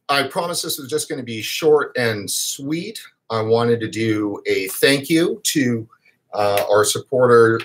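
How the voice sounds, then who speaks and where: Husky-voiced man talking on a live stream. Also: mid-range voice. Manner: rambling, emphatic, with fillers and restarts. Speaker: host of a vaping news show. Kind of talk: casual live stream talk.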